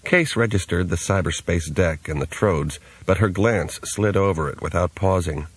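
A male audiobook narrator with a deep, husky voice and a measured, even delivery. The recording is dry and close, with no room sound. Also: dry recording. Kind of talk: scripted narration.

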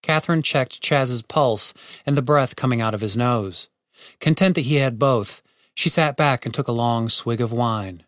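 A man narrating a fantasy audiobook chapter with expressive storytelling. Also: medium pitch, normal speed, dry recording, studio quality. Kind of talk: scripted narration.

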